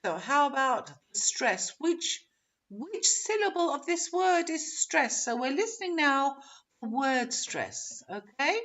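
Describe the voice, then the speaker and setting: A woman teacher trainer leading an online webinar, encouraging and modeling pronunciation slowly. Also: high voice, very animated, a bit bright. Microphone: video call. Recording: dull lo-fi webinar audio.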